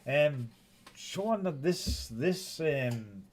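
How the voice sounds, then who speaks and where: This man from Northeast England hosts a casual live stream, teasing and bantering with viewers as he rambles. He speaks very slowly in a slightly high voice with lively intonation.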